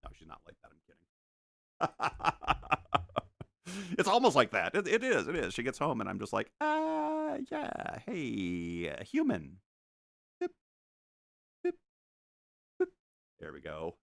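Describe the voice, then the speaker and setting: A man's voice: mid-range voice, unhurried, creaky, pauses often, no echo, clean studio sound. A man chatting casually while painting on a live stream at home, joking and making little sound effects as he works. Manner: animated, jokey, makes sound effects. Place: home studio.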